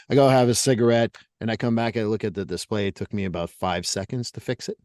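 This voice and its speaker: Middle-aged guy hosting a podcast, low voice, blunt storyteller, dry close sound. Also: a little fast, darkish tone, no echo. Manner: storytelling, blunt, repeats himself. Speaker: podcast host. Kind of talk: casual podcast interview.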